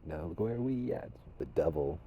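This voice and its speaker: A man from Minnesota talking casually to unseen spirits as a medium, rambling and shifting between loud commands and soft whispers. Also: deep voice, lively intonation, normal speed, slightly rough, phone-quality sound. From Minnesota, USA.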